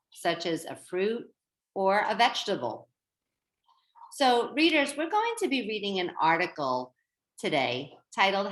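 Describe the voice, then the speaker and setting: Woman teacher reading lesson for little kids, slow and bouncy pitch, a bit low, echoey room. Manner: slow, lively, drawn-out teacher talk to young children. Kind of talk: early-grade reading lesson. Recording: roomy echo.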